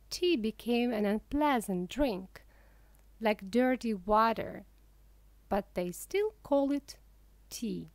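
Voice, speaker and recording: Woman reading a funny book out loud, slow and careful, voice goes up and down a lot, fairly high, dry close sound. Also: dry recording. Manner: slow, clearly paced reading for learners. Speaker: reader. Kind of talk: scripted narration of a humorous book.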